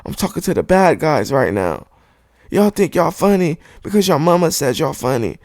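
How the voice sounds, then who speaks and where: A man's voice: a little high, big pitch swings, moderate pace, darkish tone, dry recording, clean studio sound. A man hosting a podcast, delivering a heated, profane monologue rant and hammering the same point over and over into a microphone. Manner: heated, profane, repetitive insistence. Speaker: podcast host. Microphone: studio microphone.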